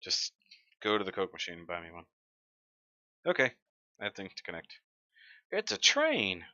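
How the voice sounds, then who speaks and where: Chatty male streamer, lowish pitch, dull dry desk-mic sound. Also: fairly quick, sharp tone, no room sound. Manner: chatty, reads comments aloud, joking. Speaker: livestream host. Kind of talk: casual live-stream chat.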